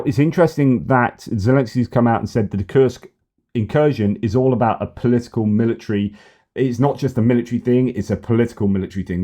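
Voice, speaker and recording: A man's voice: on the low side, warm tone. A man hosting a casual news commentary vlog, wry and opinionated, thinking aloud as he goes. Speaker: news commentator and channel host.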